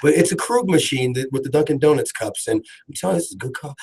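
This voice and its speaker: A man's voice: fairly high pitch, fast talker, slightly rough, low-quality recording. A man hosting a live radio talk show from the studio, rambling and laughing as he tells stories. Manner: rambling, laughing, animated storytelling.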